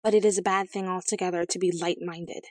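A woman voicing a tearful, sharp-tongued queen in a storybook reading, her voice pitched up high and strained. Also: fairly even intonation, a little fast, no echo, natural voice. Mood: snappish. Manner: weepy then snappish, high and strained.

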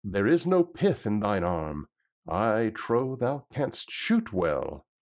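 Guy voicing a bold outlaw boss, loud and emphatic, kinda slow and low. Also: big pitch swings, exaggerated voice. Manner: raised, emphatic old-style speech. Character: bold outlaw leader, man, hearty.

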